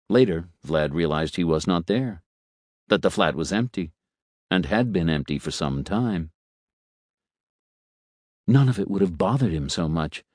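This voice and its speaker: A man narrates a story in a low, measured voice, changing his tone for each character. The recording is dry and close, with no room sound. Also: a little mellow, husky, no room sound. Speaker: audiobook narrator. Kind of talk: scripted narration.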